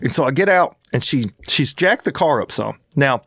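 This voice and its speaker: A man's voice: medium pitch, normal speed, slightly rough, dry recording, clean studio sound. A man, co-hosting a podcast and telling a story in casual chat. He acts out the people he quotes. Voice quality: animated storyteller who acts out quoted voices. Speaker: podcast co-host.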